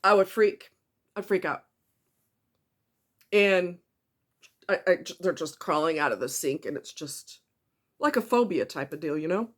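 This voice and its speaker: A woman speaking in a personal confessional vlog, emotional and with a tight throat, talking haltingly with many ums and restarts and swearing bluntly. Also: on the low side, lively intonation. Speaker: vlogger.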